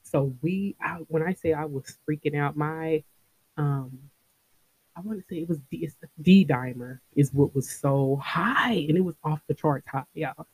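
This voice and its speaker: A woman's voice: low voice, a little slow, a little mellow, slightly rough. A woman in her thirties tells a personal story to her podcast listeners in a loose, chatty way. Her voice rises and falls a lot, and she laughs often as she talks. The sound is dry and close, with no room echo. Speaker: podcast host.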